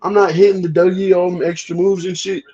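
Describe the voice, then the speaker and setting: A man's voice: high voice, flat delivery, quick pace, mellow, lo-fi sound. A man chatting casually as host, cursing often and stammering through repeated words. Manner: profane, stammering, repeats himself. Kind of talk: casual chat.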